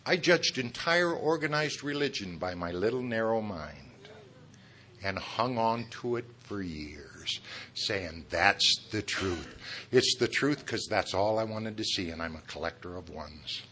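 Middle aged guy, bright punchy voice, self-mocking jokey testimony, talks right at the crowd. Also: fairly low pitch, normal speed, a little hiss or hum. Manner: self-deprecating, jokey, chuckles at his own lines; talks straight to the audience with asides. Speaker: speaker at a recovery meeting. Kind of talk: humorous personal testimony.

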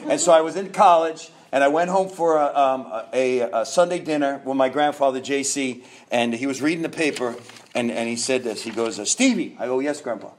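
A man's voice: mid-range voice, brisk, slight background noise. A man in his fifties from New York, a guest telling his own story candidly, rambling with restarts and laughs.

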